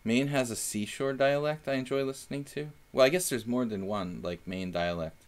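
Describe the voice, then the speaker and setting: A man's voice: mid-range voice, moderate pace. A young man chatting casually while analyzing chess moves on a live stream, thinking aloud with fillers.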